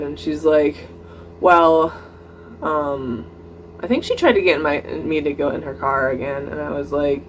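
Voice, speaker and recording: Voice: medium pitch, a little slow, a little hiss or hum, rough recording. A young adult vlogger telling a personal story in a casual, chatty way, full of "like" fillers and laughing now and then. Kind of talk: casual story-time monologue.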